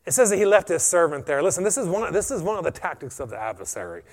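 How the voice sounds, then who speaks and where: A man preaching a sermon, animated and punctuated with frequent amens. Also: fairly high pitch, racing. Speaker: pastor.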